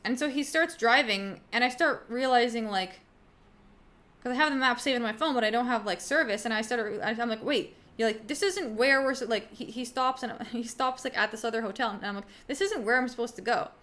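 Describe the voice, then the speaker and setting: A young woman chats casually with viewers on a livestream, answering them in a rambling way full of fillers and casual swearing. Her voice is a little high and a bit bright, and she talks fairly quickly.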